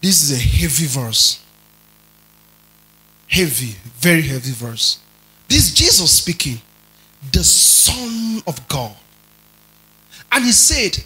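A man preaching a teaching sermon, stretching and stressing key words, rising to loud emphasis and checking in with his listeners. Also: a little high, sing-song, slow pace, pauses often, poor audio. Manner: checks in with listeners, tells them to underline words.

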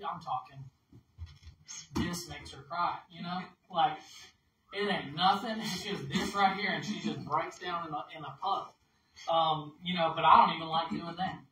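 A man's voice: high voice, a bit bright, echoey room, recorded from a distance, slight background noise, rough recording. A man, a minister telling a family story in a chatty, folksy sermon, laughing between phrases. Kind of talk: anecdotal sermon.

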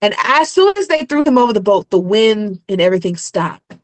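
A woman's voice: medium pitch, animated, fairly quick, no room sound, rough recording. A young adult woman in casual chat, retelling a story with acted-out character voices and frequent laughter. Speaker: guest.

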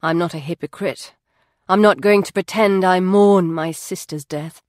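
A woman's voice: on the low side, moderate pace, darkish tone, dry recording, natural voice. Woman voicing a young businesswoman, proud, guarded, clipped speech, audiobook, dry sound. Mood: tense.

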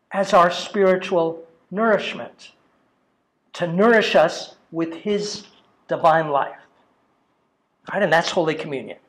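A man giving an informal catechetical lecture in a parish hall, talking conversationally with many "um"s and tag questions like "right?". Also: high voice. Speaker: theology lecturer. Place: parish hall with a projection screen. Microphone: battery-powered microphone.

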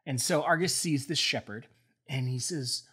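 A man co-hosting a podcast who retells old myths in a playful, animated way. His voice is somewhat husky and sits at a mid pitch for a man. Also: moderate pace. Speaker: podcast co-host. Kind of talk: casual storytelling.

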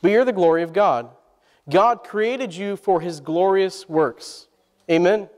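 This preacher, a man with a high, slightly mellow voice, speaks a little slowly during his sermon, questioning the congregation and calling for their responses. Long reverb from the church hall surrounds his words.

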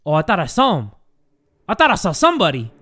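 A young man hosting a gaming channel, giving jokey, excitable horror gameplay commentary, swearing and yelling when startled. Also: high-pitched, quick pace.

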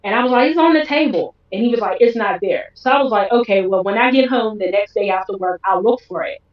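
A woman's voice: mid-range voice, fast talker. A woman recounts her own story as a guest and voices every line of dialogue with real emotion. She sits well back from the microphone in an echoey room, and the sound is slightly muffled. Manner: emotional, acts out quoted dialogue. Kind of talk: personal storytelling interview. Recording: roomy, distant, dull sound.

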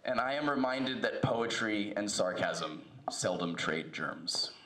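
A man reading a poem aloud in a slow, measured recitation. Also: lowish voice, lively intonation, reverberant, heavy background noise. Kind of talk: poetry reading.

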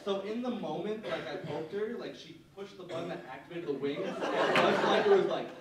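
A man's voice: high-pitched, a little fast, over a noisy crowd. A young man doing a stand-up set, telling self-deprecating stories in a rambling, filler-heavy way, recorded live on a club stage. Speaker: stand-up comedian. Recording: very roomy live club audio, distant, loud background noise. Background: audience laughter.

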